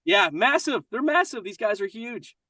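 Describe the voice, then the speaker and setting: A man in his forties with a Kentucky accent tells stories in a friendly, upbeat way. His voice is bright and forceful, and it sits a little back from the microphone in a dry, dead-sounding space. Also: extremely high pitch, animated, moderate pace, no room sound, far from the mic. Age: 40s. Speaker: guest voice actor. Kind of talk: casual interview chat.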